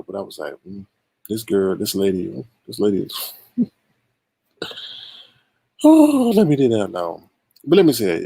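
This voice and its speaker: A man's voice: mid-range voice, warm tone, no room sound. A man hosting a live stream, giving casual and exasperated commentary on online drama straight to his viewers.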